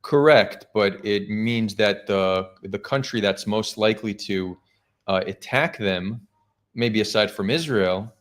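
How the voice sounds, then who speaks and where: A man's voice: on the low side, slow pace. A man hosting a live stream, talking casually and skeptically, thinking aloud with frequent restarts. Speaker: streamer host.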